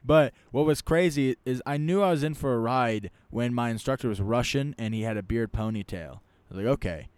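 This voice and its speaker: A man telling a story in casual chat, rambling and animated, often tagging lines with "right?". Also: medium pitch, fairly quick, hardly any pauses, clear, resonant tone, no echo.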